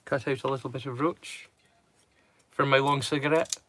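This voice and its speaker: A man's voice: mid-range voice, steady tone, moderate pace, fairly bright tone, a little hiss or hum. A man from Europe, hosting a live watch-along stream and rambling casually to his viewers. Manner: rambling and chatty.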